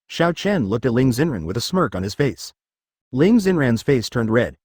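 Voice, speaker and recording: A man narrating a web novel in an even, matter-of-fact way. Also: mid-range voice, moderate pace, husky, no room sound, studio quality. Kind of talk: web novel read-aloud.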